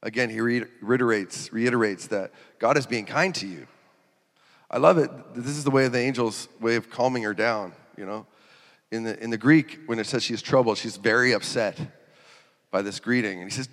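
A man preaching a sermon. He talks in an animated way, laughs, and acts out quotes in sudden loud, high bursts. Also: moderate pace. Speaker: pastor. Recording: reverberant hall.

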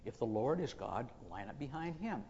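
A man's voice: medium pitch, lively intonation, normal speed, darkish tone, in a large hall, highs cut off, a little hiss or hum, lightly acted. A man voicing a bold, confident male prophet who talks plainly and teases, in a sermon retelling. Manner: plain-spoken, teasing.

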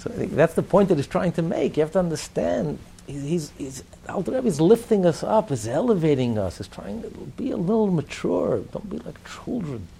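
With a fairly high, sing-song voice carrying vocal fry and a dark tone, a Torah teacher drives his points home at a moderate pace. He teaches a religious text class emphatically, repeating himself and posing rhetorical questions, with a little hiss or hum in the audio.

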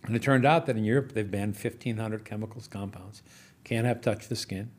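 Man telling lively business anecdotes. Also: on the low side, a little fast. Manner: animated anecdotes with chuckles and restarts. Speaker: business investor and guest. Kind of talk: casual storytelling interview.

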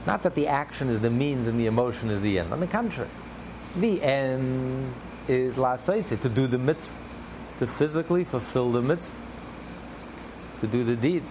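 A man's voice: mid-range voice, moderate pace, noisy background. A man teaching a religious text class, explaining a passage with repeated, list-like phrases. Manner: repetitive, builds through lists of phrases. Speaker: Torah teacher.

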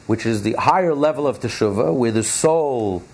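A man teaching a religious text class, explaining emphatically and repeating key phrases slowly for stress. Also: medium pitch, expressive, a little mellow, breathy edge.

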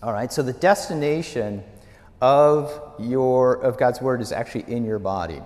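A male pastor teaching a Bible study in a conversational, storytelling way. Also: moderate pace. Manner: conversational storytelling, lively pitch. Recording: echoey hall reverb.

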